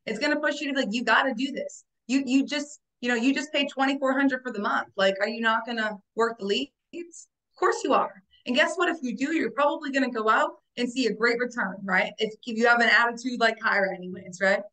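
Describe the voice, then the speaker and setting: A woman's voice: a little high, brisk, hardly any pauses, sharp tone, rough recording. A woman hosting an agency video call, coaching listeners in an upbeat way and often tagging "right?" onto her points. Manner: upbeat, coaching, keeps asking "right?" and addressing "guys". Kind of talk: motivational interview chat.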